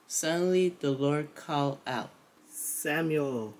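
Slow, careful woman reading a Bible story. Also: rumbling low, a little hiss or hum.

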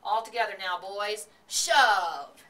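A woman's voice: mid-range voice, expressive, moderate pace, bright, forceful tone, far from the mic, voice pushed up. Woman doing a cheerful bossy farmer. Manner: cheerful, giving orders.

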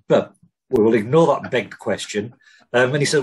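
Gruff, husky man rambling. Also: mid-range voice, moderate pace, poor audio. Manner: rambling, sweary, jokey, many ums. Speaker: podcast co-host. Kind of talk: casual chat.

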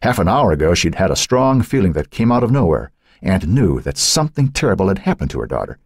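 A man narrating a thriller audiobook in an expressive, suspenseful reading. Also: low-pitched, quick pace, husky, no echo, clean studio sound.

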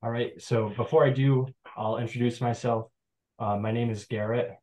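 A man's voice: medium pitch, fairly even intonation, moderate pace, a little mellow, low-quality recording. A young man from the Adirondacks, a forager giving a casual online presentation in a chatty, rambling storytelling way over a video call. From Adirondacks, New York.

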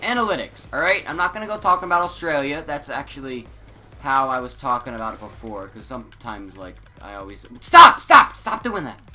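A teenage boy rambling through casual gaming commentary, scattered and self-interrupting, excitable, on a headset mic. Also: mid-range voice, brisk, noisy background. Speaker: gaming YouTuber.

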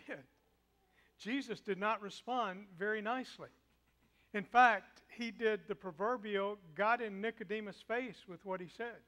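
A male preacher giving a dramatic sermon in a church sanctuary, swinging between loud declaiming and a soft hush. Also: high voice.

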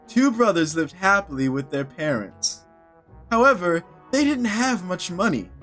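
A man voicing a sly older village woman in a video game, reading a fairy tale in a theatrical, drawn-out way. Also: high-pitched, fairly bright tone, heavily acted.

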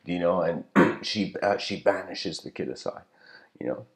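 A man giving a casual spiritual lecture, rambling, with frequent "you know"s and throat-clearing. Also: deep voice, measured pace.

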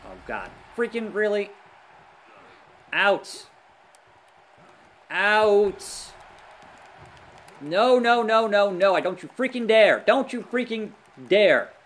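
Male let's-player, high and lively, unhurried between outbursts, reacting loudly to play. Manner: excitable, groans and yells at the action. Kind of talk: live gameplay commentary.

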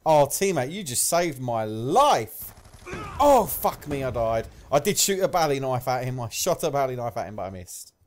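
A young man commentating live gameplay, swearing often and yelling at kills and deaths, with a slight cough. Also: mid-range voice, moderate pace. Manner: excitable, swears a lot, shouts at game events. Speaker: gaming commentator.

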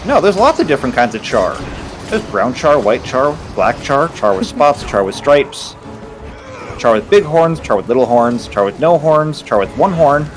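A man talking through a game session in a lively, up-and-down voice, full of dry teasing jokes. Soft game music plays underneath. He sounds relaxed and playful, like a casual chat between friends. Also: mid-range voice, moderate pace, low-quality recording. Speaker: game player.

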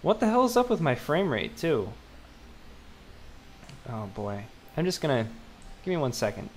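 A man's voice: on the high side, huge pitch swings, moderate pace, a little hiss or hum. A young man giving casual, rambling commentary as he plays a video game, mocking himself, with lots of fillers and restarts. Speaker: gaming video host. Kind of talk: casual let's-play commentary.

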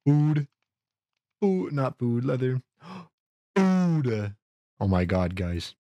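A man's voice: medium pitch, animated, extremely slow, warm tone, dry recording, highs cut off. A young man giving goofy, easily startled commentary while playing a Minecraft survival game, talking to himself with gasps and jokes. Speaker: gaming YouTuber. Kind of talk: Minecraft let's play commentary.

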